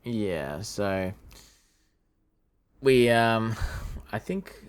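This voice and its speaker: A man's voice: lowish voice, lively intonation, extremely slow, clear, resonant tone. A man co-hosting a podcast, casually recounting a film plot, laid-back with some swearing. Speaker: podcast co-host. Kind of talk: casual film-recap chat.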